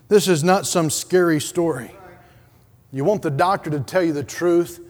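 A male pastor preaching a sermon in a church, swinging between loud urgent calls and hushed, low passages. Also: big-room sound. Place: church sanctuary.

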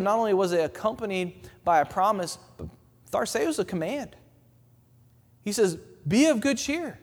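A man preaching a sermon in a church, building his points through repeated phrases and dropping his voice soft for quoted words of comfort. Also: sits high. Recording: long reverb in a hall.

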